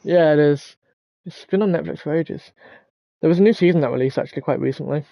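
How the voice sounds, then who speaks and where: A man's voice: fairly high pitch, fast, creaky, dry recording, lo-fi sound. A young man giving casual, jokey let's-play commentary and swearing freely. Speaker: gaming YouTuber.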